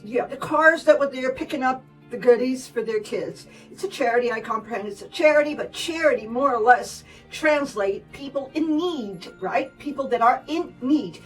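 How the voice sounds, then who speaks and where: A woman's voice: fairly high pitch, expressive, moderate pace, distant mic, faint music behind, rough recording. A woman chatting casually as a gossip vlogger, sarcastic and rambling, often repeating herself. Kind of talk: casual celebrity gossip chat.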